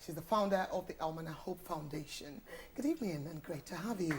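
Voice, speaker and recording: A woman's voice: low voice, a little fast, a little hiss or hum. A woman hosting a TV panel, introducing and praising her guests effusively. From Nigeria. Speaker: TV show host.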